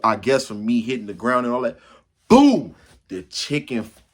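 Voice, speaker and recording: A man spins a funny story for his channel in an easy, slangy way, talking straight to the viewer. His voice sits at an ordinary pitch with a husky edge. He acts out the crashes and his own cries of pain with loud bursts. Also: brisk. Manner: animated, acts out yells and crashes; casual slangy chat to viewer.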